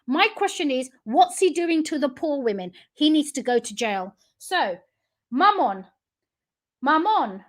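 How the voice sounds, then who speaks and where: A woman's voice: high voice, fairly bright tone. A woman giving an emotional, accusatory livestream address to her family. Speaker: company founder addressing family online.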